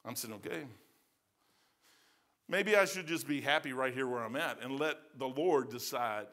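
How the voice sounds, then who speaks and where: A man's voice: mid-range voice, normal speed, long pauses, fairly bright tone. A male pastor with a Midwestern American accent, preaching a verse-by-verse sermon in a folksy, emphatic way with colloquial phrasing. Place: church sanctuary.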